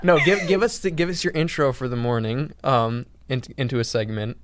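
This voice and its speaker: A man's voice: medium pitch, brisk, heavy background noise. A young man co-hosting a college radio show, teasing the others in a playful way and laughing often. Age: young adult. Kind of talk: casual radio banter.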